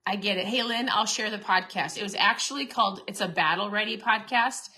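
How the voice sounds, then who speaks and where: Bright-voiced chatty woman host. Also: medium pitch, fairly quick. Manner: chatty, earnest, restarts and repeats herself. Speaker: podcast host and keto coach. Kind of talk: casual motivational talk.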